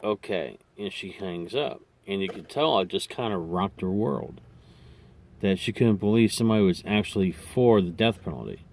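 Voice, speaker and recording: Low-voiced man giving his opinion. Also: normal speed. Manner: conversational, rambling with restarts and asides. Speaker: vlogger. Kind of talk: casual opinion monologue.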